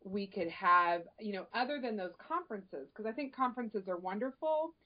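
A woman's voice: medium pitch, lively intonation, moderate pace, highs cut off. A woman who presides over a local early childhood chapter, chatting casually and telling stories with enthusiasm on a podcast. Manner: enthusiastic, storytelling, many restarts.

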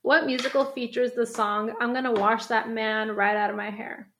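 A young woman co-hosting a casual podcast, reading quiz questions aloud slowly and laughing often. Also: a little high, level tone, a bit bright. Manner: playful, laughs often, slows down to read questions. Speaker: podcast co-host.

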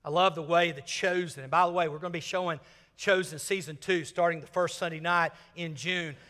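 An older man from Mississippi, preaching a sermon and swinging from loud emphasis to hushed, whispered lines. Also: fairly high pitch, steady tone, brisk, long reverb tail. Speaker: senior minister.

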